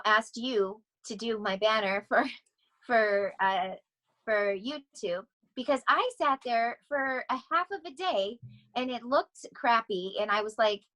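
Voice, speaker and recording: A woman's voice: on the high side, poor audio. Chatty, laughing woman vocal coach. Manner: rambling, animated, laughs often. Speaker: podcast guest, vocal coach. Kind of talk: casual interview chat.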